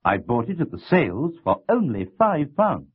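A man voicing an excited, chatty middle-aged woman shopper who talks in a gushing, emphatic way. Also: on the high side, moderate pace, husky, voice pushed up. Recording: tinny lo-fi tape.

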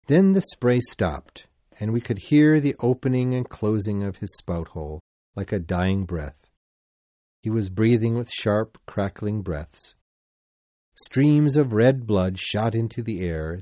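A man narrates a storybook aloud with deliberate, expressive storytelling. He speaks slowly and lets his pitch rise and fall widely. The close recording is dry, with no room sound. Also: dry recording. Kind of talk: scripted audiobook narration.

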